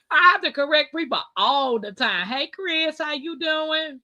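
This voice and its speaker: A woman's voice: high-pitched, animated, takes it slowly, pauses often, pushed and bright. A woman hosting a casual live chat, talking easily and reading viewer comments aloud. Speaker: livestream host.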